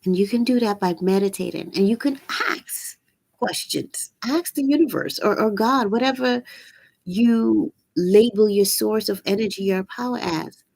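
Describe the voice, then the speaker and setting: A woman hosting a live-streamed spiritual talk, with a raspy voice and an earnest, preachy manner that repeats phrases for emphasis. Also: mid-range voice, normal speed, darkish tone, dry recording. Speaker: channel host.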